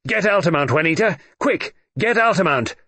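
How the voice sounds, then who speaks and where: A man's voice: a little high, animated, normal speed, breathy edge, dry recording, voice pushed up. A man voicing a frantic young male aide who stammers urgently, in an audiobook reading. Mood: yelling. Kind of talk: audiobook character voice.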